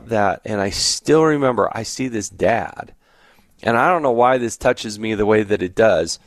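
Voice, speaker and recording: A man hosting a podcast, telling stories in a casual, chatty way and teasing his guest with quick questions. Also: fairly low pitch, dry recording, clean studio sound. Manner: chatty, teasing, with frequent restarts. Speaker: podcast host. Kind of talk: casual conversational storytelling.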